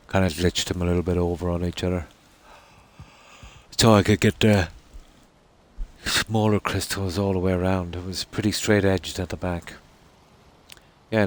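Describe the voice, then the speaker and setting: A man giving casual, rambling live-stream commentary while playing a game, talking easygoing from a room at home at night. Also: low-pitched. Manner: rambling and easygoing, with many "you know"s and pauses.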